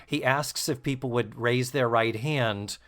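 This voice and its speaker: A man hosting a podcast, recapping a sitcom episode in casual, animated and profane chat. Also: measured pace. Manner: animated, profane, breaks into squeaky mock voices. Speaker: podcast host.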